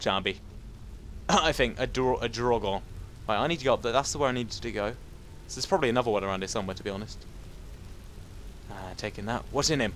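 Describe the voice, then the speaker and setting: A man giving casual, jumpy let's-play commentary, talking to enemies and reacting out loud. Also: lowish voice, brisk, a little hiss or hum. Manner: jumpy, excitable, talks to enemies. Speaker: gameplay commentator.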